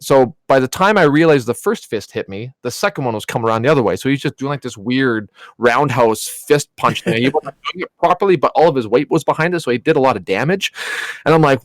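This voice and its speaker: A man co-hosting a podcast, telling a story in a casual, animated way. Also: mid-range voice, dry recording. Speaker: podcast co-host.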